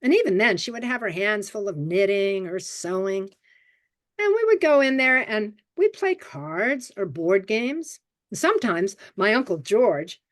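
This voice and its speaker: A woman in her seventies shares a childhood memory as a storyteller, painting scenes in vivid detail. Her mid-range voice moves with lively, animated pitch as she draws listeners in. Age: 70s. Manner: vivid, expressive childhood memoir telling. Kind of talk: personal storytelling. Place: story swap event.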